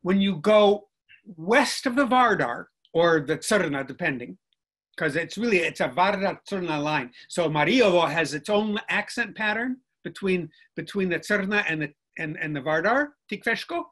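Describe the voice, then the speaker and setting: An older man, a guest linguistics professor, explaining in a lively, discursive way on a video call and often checking in with "right?". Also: sits high, measured pace.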